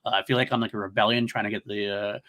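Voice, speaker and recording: Bright-voiced chatty podcast co-host man. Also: on the low side, steady tone, racing. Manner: chatty, laughs often, rambling asides. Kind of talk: casual podcast chat. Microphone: remote recording over an online studio.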